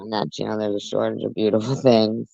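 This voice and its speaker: A woman's voice: very deep voice, little pitch movement, a little fast, creaky, dark tone, no room sound. A woman hosting a reaction commentary, talking back at a clip with sarcastic, mocking asides. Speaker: commentary channel host. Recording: muffled lo-fi audio.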